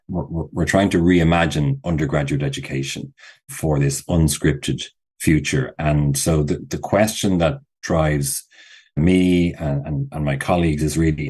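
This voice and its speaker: Very low husky guy, guest on a podcast, thinks aloud and restarts a lot. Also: darkish tone. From Ireland. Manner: thoughtful, restarts often. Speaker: university skills director, guest. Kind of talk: podcast interview.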